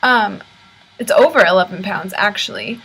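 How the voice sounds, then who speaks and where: A woman's voice: medium pitch, normal speed, fairly bright tone, slightly rough, soft background music, low-quality recording. Chatty American young woman vlogging. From United States. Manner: chatty, exasperated ranting. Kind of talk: casual vlog talk. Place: university room. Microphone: laptop built-in camera mic.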